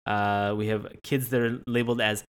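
A man's voice: lowish voice, flat delivery, normal speed, clean tone. Rambling, laughing podcast co-host man. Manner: rambling, restarts, frequent laughter. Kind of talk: casual chat.

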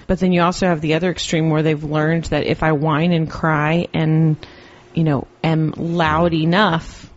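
A woman's voice: low-pitched, measured pace, hardly any pauses. A woman, a mother and guest on a podcast, talking casually and acting out little exchanges with her kids. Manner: lively, acts out child and parent voices. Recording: dull lo-fi audio.

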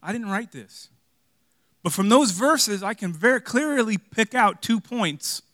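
A man preaches with a bright, forceful, slightly high voice. He swings between emphatic loud lines and hushed, confiding asides, full of rhetorical questions and light jokes. The sound is dry and close. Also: lively intonation, unhurried, no echo. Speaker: pastor. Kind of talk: sermon.

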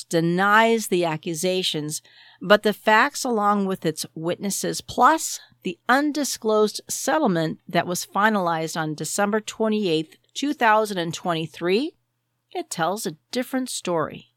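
Woman host reading a bible lesson, slow and careful, asks questions out loud, dry sound. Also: mid-range voice, no room sound. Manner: measured, deliberate delivery with rhetorical questions. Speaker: podcast host. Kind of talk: scripted Bible teaching monologue.

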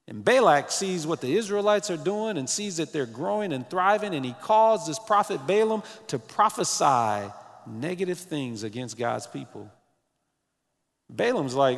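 High gravelly-voiced preaching man. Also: in a large hall. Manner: animated preaching, breaks into snatches of song. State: morning voice. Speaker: pastor. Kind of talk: sermon.

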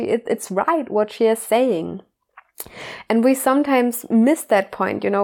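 A woman life coach giving earnest, heartfelt motivational podcast talk, full of "like" and casual swearing. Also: on the high side.

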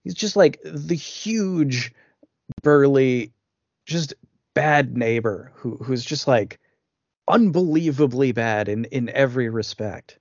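A man's voice: medium pitch, lively intonation, slow, darkish tone, no echo. A man co-hosts a podcast, picking apart a film in casual chat and reaching for pop-culture comparisons. His voice sits in a middle range. The sound is dry and close, and a bit dull and lo-fi. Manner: analytical, makes pop-culture comparisons, repeats words when starting. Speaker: podcast co-host.

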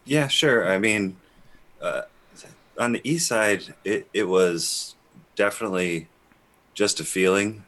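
Deep-voiced man guest, relaxed and hesitant interviewee. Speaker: guest brewery co-owner. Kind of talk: casual interview.

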